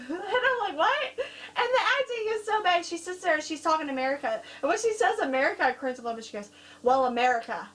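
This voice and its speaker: A woman co-hosting a casual horror-film review, telling stories in a giggly, animated way. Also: extremely high pitch, fast, rough recording. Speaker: co-host reviewing horror films. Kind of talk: casual chat.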